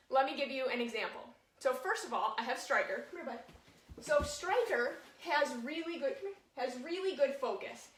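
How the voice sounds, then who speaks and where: A woman dog trainer giving a casual lesson, talking chattily and showing points with her dog as she explains. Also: fairly high pitch. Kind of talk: casual instructional talk. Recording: echoey room, voice from a distance.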